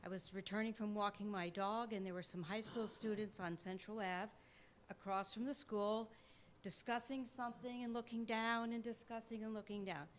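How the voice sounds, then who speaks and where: A woman's voice: mid-range voice, steady tone, moderate pace, a little hiss or hum. A woman telling an earnest story during public comment at a town board meeting.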